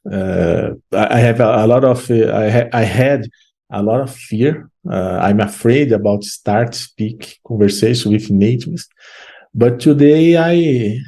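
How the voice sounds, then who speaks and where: Hesitant Brazilian man, slow and mellow. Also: mid-range voice. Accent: Brazilian Portuguese. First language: Portuguese. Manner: hesitant, many fillers and restarts, says "man" often. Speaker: interview guest, English student. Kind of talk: casual interview.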